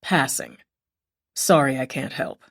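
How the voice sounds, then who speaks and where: A polite but unhelpful man from the building, as a female audiobook narrator puts him on. His voice is pitched very low and sounds dry and close. He answers briefly and apologetically. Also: takes it slowly, dry recording, exaggerated voice. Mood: apologetic. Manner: curt, apologetic.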